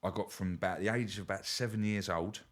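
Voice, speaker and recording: Brief: very low-voiced man, podcast guest, blunt and rambling. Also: steady tone, fast. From Kent, England. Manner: blunt, sweary, rambling storyteller. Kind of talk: casual chat.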